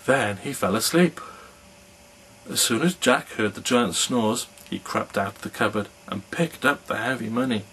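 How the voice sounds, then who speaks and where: A man reads a fairy tale aloud in an unhurried storyteller's manner. His voice is mid-pitched with a bright, forceful tone. A faint hiss runs underneath. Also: poor audio.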